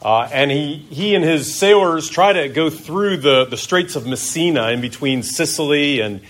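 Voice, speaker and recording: A middle-aged man preaching a sermon as pastor, conversational, asking his listeners questions and often pausing on "uh". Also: a little high, lively intonation, fairly bright tone. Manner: conversational, asks the congregation questions.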